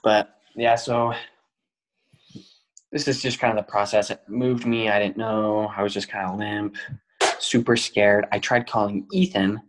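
A young man with a low voice tells a personal story on a podcast. He goes into every detail, and fillers run through his telling. His delivery is earnest and unpolished. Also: flat delivery, measured pace, rough recording. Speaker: guest.

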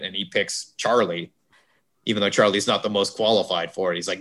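A man's voice: lowish voice, fairly even intonation, brisk, a bit bright. Podcast co-host, male, jokey and rambling, casual chat, self-corrects a lot. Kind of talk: casual movie discussion chat.

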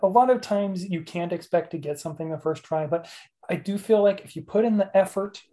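A man's voice: high voice, a little fast, warm tone. A man hosting a podcast, talking casually in a rambling, self-mocking way and laughing often. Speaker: podcast host. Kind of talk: casual chat.

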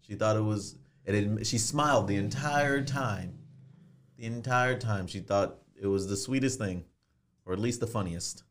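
A man's voice: fairly low pitch, normal speed, slight background noise. A man chatting casually as a podcast co-host, slangy and laid-back, acting out his own stories. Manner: laid-back storyteller, slangy, acts out his own drive-thru orders. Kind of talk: casual chat.

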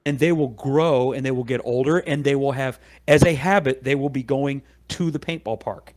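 A middle-aged man talking on a podcast, telling an animated story. He acts out the people he quotes as he goes. His pitch sits in the middle for a man. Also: moderate pace. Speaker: podcast guest. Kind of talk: casual storytelling chat.

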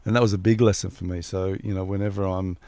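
A man in casual conversation, telling a reflective story in an unhurried, spiritual way. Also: low-pitched, level tone, mellow, no echo.

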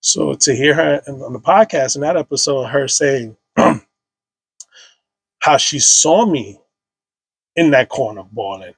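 Man, 30s, podcast guest, emotional storytelling, husky tone, dry close sound. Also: medium pitch, takes it slowly, pauses often, no room sound. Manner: casual, heavy slang, many restarts and fillers.

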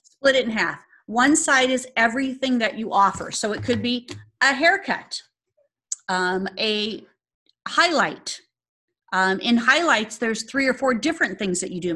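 A woman's voice: fairly high pitch, lively intonation, normal speed, sharp tone. A woman coaching salon owners in a presentation, speaking in a direct, emphatic way and often checking in with "okay?".

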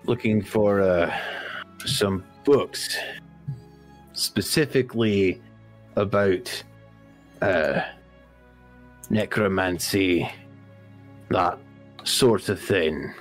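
A man playing in a tabletop game, talking slowly and hesitantly, with an intonation that rises and falls. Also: fairly low pitch, faint music behind. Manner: slow, hesitant, lively intonation. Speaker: player. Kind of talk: casual tabletop play.

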